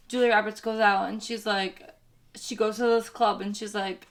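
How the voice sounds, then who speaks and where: Young woman doing a sassy swear-heavy movie recap, bright high voice. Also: steady tone, moderate pace. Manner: brash, swears a lot, slips into sassy voices. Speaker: comedian retelling a film. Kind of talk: casual comedic retelling.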